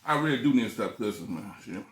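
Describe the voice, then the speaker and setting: A man's voice: fairly low pitch, expressive, fast, a bit bright, reverberant. A man eating on camera in a casual vlog, talking loosely with lots of cussing and joking between bites. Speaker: food vlogger.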